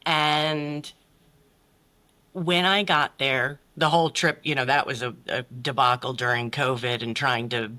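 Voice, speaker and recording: Podcast guest, woman, middle-aged, candid and blunt, bright forceful tone, swears, voices others. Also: a bass voice, steady tone, a little slow. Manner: blunt, swears freely, acts out quotes with big voices. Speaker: podcast guest, life coach. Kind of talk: candid personal story in conversation.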